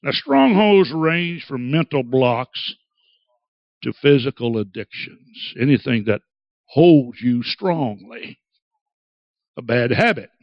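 A man preaching a sermon, dramatic and acting out quoted voices with big swings in pitch. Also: expressive, slow, dry recording, lo-fi sound. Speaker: pastor.

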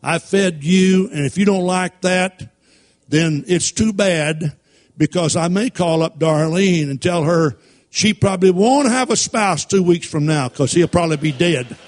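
Stern older mother scolding her son, firm and emphatic, as a preacher puts her on in a slightly raised, louder voice. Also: high-pitched, measured pace, in a large hall.

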